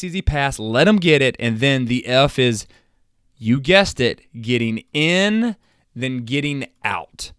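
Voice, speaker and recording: Energetic football coach, dry close sound. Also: male voice, medium pitch, clean tone, dry recording. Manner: energetic, emphatic, talks himself into near-yelling. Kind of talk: chalk-talk lesson on a live stream. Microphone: seated at a webcam.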